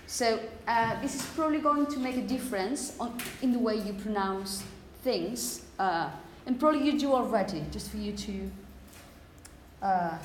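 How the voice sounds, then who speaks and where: A woman's voice: medium pitch, lively intonation, normal speed. A Spanish-speaking woman teaching a phonetics class, explaining step by step and checking in with the students often. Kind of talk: classroom lecture. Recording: roomy classroom, faint background noise.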